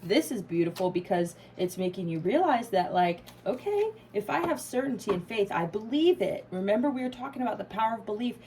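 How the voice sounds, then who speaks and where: A woman's voice: medium pitch, expressive, brisk, hardly any pauses, darkish tone, slight background noise, poor audio. A woman doing a casual tarot reading to camera, emphatic and swearing freely. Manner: emphatic, swears freely, laughs and gets emotional. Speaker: tarot reader.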